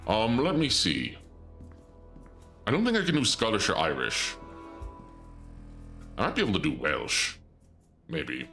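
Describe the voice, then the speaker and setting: A man's voice: low-pitched, big pitch swings, moderate pace, pauses often, a bit bright, faint music behind. A man streaming a video game, rambling and joking through casual commentary. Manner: jokey, rambling, self-interrupting. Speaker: gameplay streamer.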